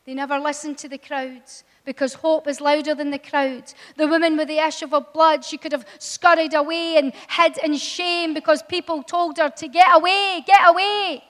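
Very high-voiced woman preaching in a hall. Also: flat delivery, normal speed, few pauses. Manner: impassioned, rising to loud emphatic appeals. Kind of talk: sermon. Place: church. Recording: long hall reverb.

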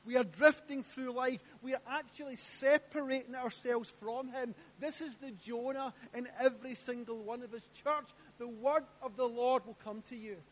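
A man's voice: extremely high pitch, fairly even intonation, normal speed, hardly any pauses. A man preaching a sermon in church, emphatic and repeating his phrases while asking the congregation questions. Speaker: pastor.

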